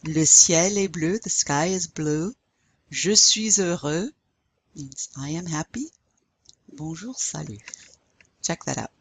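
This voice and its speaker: A woman's voice: deep voice, expressive, takes it slowly, pauses often, slight background noise. A woman teaching a recorded language lesson, carefully modeling pronunciation for learners to repeat. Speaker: French teacher.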